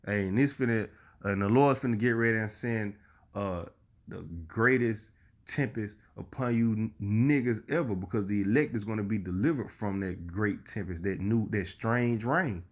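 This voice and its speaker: A male preacher giving a sermon, reading scripture slowly and with emphasis, and often adding "you see". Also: lowish voice.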